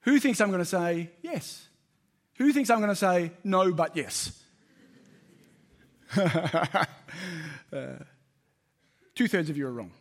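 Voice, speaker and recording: A man's voice: high-pitched, expressive, takes it slowly, long pauses. A man preaching a sermon, conversational and emphatic, asking the congregation questions.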